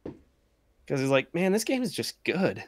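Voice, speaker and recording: A man's voice: a little high, sing-song, measured pace. A man co-hosting a gaming stream, telling stories in a laid-back way, laughing often and swearing casually. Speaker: stream co-host.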